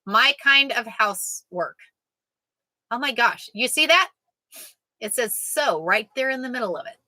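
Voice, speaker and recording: A woman's voice: on the high side, expressive, measured pace, sharp tone, no room sound, low-quality recording. A woman chatting casually as a quilting vlogger, joking and answering viewers. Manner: chatty, jokey, reads out sayings and answers viewers. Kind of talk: casual live chat.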